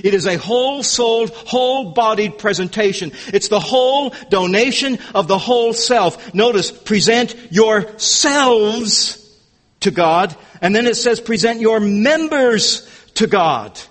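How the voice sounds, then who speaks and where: A man's voice: sits high, animated, normal speed, in a large hall. A man preaching an expository sermon, earnest and emphatic, often repeating words as he restarts a thought.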